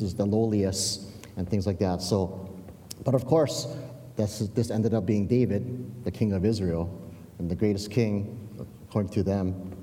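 A man's voice: on the low side, warm tone, in a large hall. A man preaching a sermon in a conversational way, often restarting words and checking in with "yeah?". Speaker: pastor.

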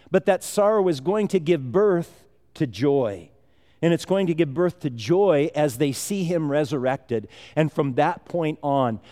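A man's voice: fairly high pitch, dark tone. A man preaching a sermon as pastor, talking conversationally with rambling asides and chuckles. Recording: long hall reverb.

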